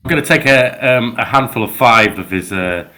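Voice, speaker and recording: A man playing a tabletop game, sly and quick to interject. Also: mid-range voice, sharp tone. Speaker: player.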